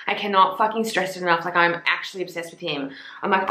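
A woman's voice: mid-range voice, lively intonation, fairly quick, fairly bright tone. A young woman reviewing books in a casual chat, gushing and swearing a lot, with plenty of "like" fillers. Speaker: book reviewer. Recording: echoey room.

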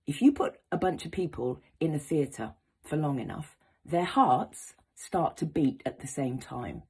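A woman actor giving an encouraging, expressive educational talk to young people. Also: low-pitched, breathy edge. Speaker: actor teaching students.

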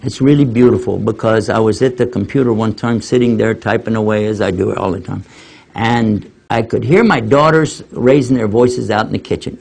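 A man's voice: lowish voice, normal speed, creaky, rough recording. An older man giving a casual lecture and answering questions, telling folksy stories. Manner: folksy storytelling, animated quoting of others.

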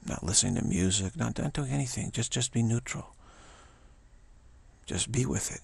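A man's voice: mid-range voice, lively intonation, moderate pace, creaky, a little mellow, breathy edge, no echo. A man giving an informal spiritual talk in his own video studio, emphatic and repetitive, often chuckling. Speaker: spiritual teacher.

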